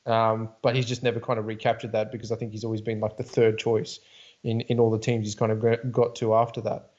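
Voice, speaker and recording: A man co-hosting a casual sports podcast, laying out his thinking in a measured, analytical way. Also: on the low side, completely flat delivery, darkish tone. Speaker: podcast co-host. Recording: slightly dull lo-fi sound.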